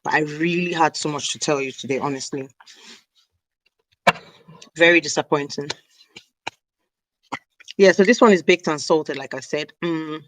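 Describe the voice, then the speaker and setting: A woman's voice: sits low, normal speed, long pauses, no room sound, low-quality recording. A woman chatting casually on a live stream, rambling and snacking as she talks. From Nigeria (South South). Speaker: hair care vlogger. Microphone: camera mic on a live stream.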